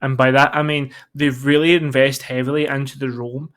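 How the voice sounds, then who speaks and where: A man's voice: medium pitch, flat delivery, normal speed, a bit bright. A man giving colour commentary on an esports match, conversational and thinking aloud with fillers. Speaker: esports analyst.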